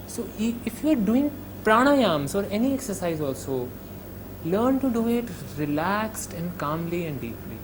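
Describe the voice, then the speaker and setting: A man's voice: a little high, noisy background. Conversational Indian man giving student advice. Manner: conversational, with many "you know" fillers and Hindi phrases mixed in; slows down to demonstrate calm breathing. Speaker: psychologist giving a talk.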